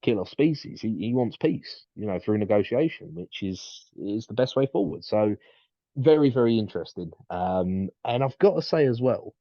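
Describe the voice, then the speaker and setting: A man's voice: fairly low pitch, expressive, moderate pace, dry recording, muffled recording. A man co-hosting a casual chat, rambling and repeating his words as he talks things through. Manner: rambling, repeats words, quotes in put-on asides. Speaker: podcast co-host.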